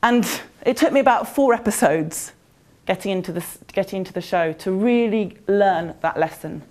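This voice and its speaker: At a conference venue, a woman with a mid-range, darkish voice gives a motivational talk at normal speed. Her style is conversational, and she puts questions to the audience.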